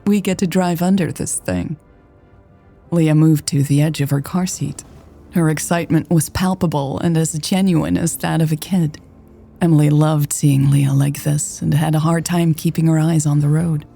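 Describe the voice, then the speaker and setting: A woman narrating a romance story in a steady, unhurried scripted reading. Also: deep voice, creaky, soft background music. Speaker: audiobook narrator.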